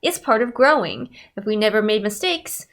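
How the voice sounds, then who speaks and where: A woman talks straight to her viewers in a loose, conversational vlog. She sounds candid and pokes fun at herself, at a middle pitch typical for a woman. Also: expressive, normal speed, fairly bright tone. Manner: candid, self-deprecating, conversational. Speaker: writer and developmental editor. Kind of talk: casual chatty vlog.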